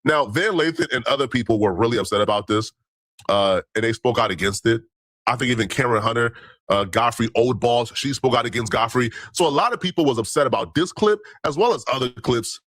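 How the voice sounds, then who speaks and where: A man's voice: medium pitch, animated, brisk, fairly bright tone, no echo. A man hosting a news commentary show, talking emphatically and repeating himself when indignant. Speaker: host.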